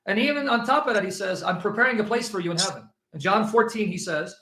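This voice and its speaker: A man's voice: high voice, quick pace, pushed and bright, echoey room. A man debating religion with a listener, emphatic and insistent, pressing his points and quoting scripture with rising force. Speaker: Christian apologist.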